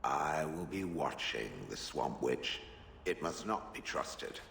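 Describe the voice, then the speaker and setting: An actor playing a haughty, suspicious stone golem with a deep gravelly voice, speaking stiffly in a video game. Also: male voice, animated, slow, fairly bright tone, a little hiss or hum, exaggerated voice. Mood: suspicious, disdainful. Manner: stiff, formal, speaks of others as "it". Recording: game audio with booming hall reverb.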